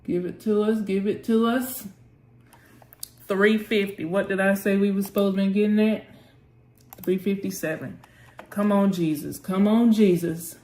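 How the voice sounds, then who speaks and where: A woman with a medium-pitched, somewhat mellow voice and fairly even intonation hosts live trading at a measured pace. As she calls prices, she encourages the chart with quick prayers and pet names, and the recording has a roomy echo and faint music.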